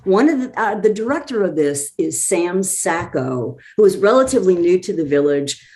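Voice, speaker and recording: A woman's voice: lowish voice, very animated, normal speed, mellow. A woman talking enthusiastically as a podcast guest, effusive and chatty. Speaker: guest promoting a community theater show. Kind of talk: casual chat.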